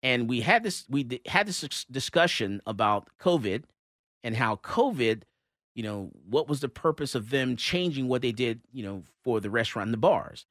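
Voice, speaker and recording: A man hosts a talk radio show, recorded dry and close in the studio. His pitch rises and falls a lot as he tells his story, full of fillers and restarts. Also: expressive, normal speed, fairly bright tone, no echo. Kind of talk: casual talk-radio monologue.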